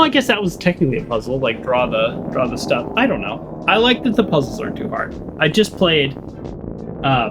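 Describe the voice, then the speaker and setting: Casting: chatty gaming host, man, animated pitch, game music faint behind. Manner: chatty, laughs often. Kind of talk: casual let's-play commentary.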